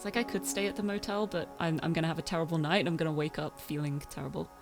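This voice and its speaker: A woman streamer chatting casually while playing a game, giggly and expressive, often jumping up high when excited. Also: rapid-fire, over music.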